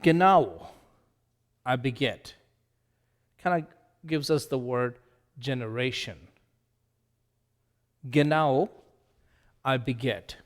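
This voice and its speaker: A man teaching Greek vocabulary, slowly and deliberately repeating each word and its meaning as a drill lesson. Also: medium pitch, long reverb tail.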